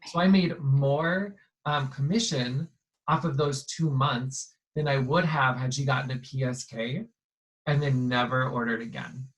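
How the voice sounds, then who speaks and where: A man, a guest, telling a story in a casual chat in a relaxed way. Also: mid-range voice, measured pace, low-quality recording.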